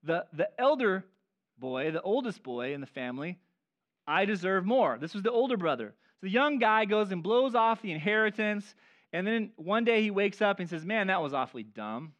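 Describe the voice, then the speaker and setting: Animated high-voiced male preacher. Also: moderate pace, muffled recording. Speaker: pastor. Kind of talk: sermon.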